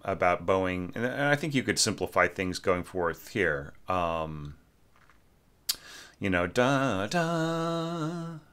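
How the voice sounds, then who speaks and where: A man with a low voice reviews a student's orchestration in a relaxed, casual way. He thinks aloud, stops and restarts, and sings little phrases to show the bowing. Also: unhurried. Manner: sings short phrases on nonsense syllables. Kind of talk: casual spoken critique.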